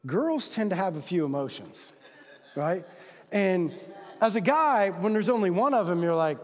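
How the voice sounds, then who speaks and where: With lively intonation at a normal speed, this pastor addresses a sermon to men, keeping it conversational. Rhetorical questions go out to the crowd, and quoted voices get acted out with wide pitch swings, all under long hall reverb.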